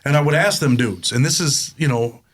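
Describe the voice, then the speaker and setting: A middle-aged man talking as a guest in a casual interview, telling stories in animated, plain street talk. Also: a little high, brisk. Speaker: guest, prison consultant.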